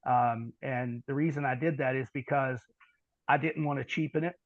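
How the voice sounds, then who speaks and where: A man telling stories as a podcast guest, animated in his storytelling. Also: mid-range voice, moderate pace, no echo. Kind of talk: storytelling interview talk. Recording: dull lo-fi dry sound.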